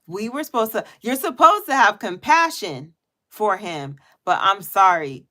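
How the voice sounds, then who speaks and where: A woman's voice: on the high side, moderate pace. Chatty laughing woman vlogger. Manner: chatty and laughing, with animated quoted asides. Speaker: vlogger hosting a weekly live check-in. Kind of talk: casual chat. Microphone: headphones on.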